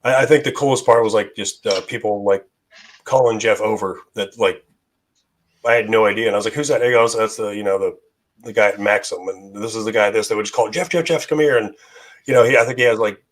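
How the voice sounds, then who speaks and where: Hoarse man telling a rambling story. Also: on the low side, steady tone, brisk. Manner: rambling with many fillers and restarts. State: losing his voice. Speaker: guest. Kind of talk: casual chat.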